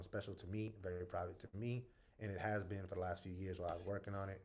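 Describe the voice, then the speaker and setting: A middle-aged man from the American South, hosting a casual livestream. He greets viewers one by one by name with upbeat energy, then drops to a soft, earnest tone. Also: fairly low pitch. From North Charleston, South Carolina. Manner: soft and earnest when speaking from the heart. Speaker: livestream host.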